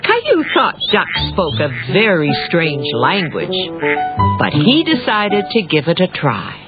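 Woman narrator, children's cartoon, very lively tone, tinny lo-fi sound, loud music. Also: on the low side, unhurried. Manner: gentle, clear storytelling. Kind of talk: scripted storybook narration for children.

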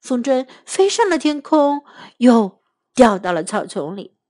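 Woman narrator for a children's bilingual storybook; high, slow, animated. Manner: slow, careful, expressive. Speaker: storyteller and English teacher.

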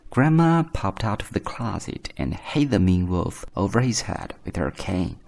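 A man reads a bedtime story aloud in a calm, measured way. His voice is deep and gravelly, with a lively, expressive rise and fall. He sounds like a teacher telling a story to listeners before sleep. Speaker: English teacher reading bedtime stories.

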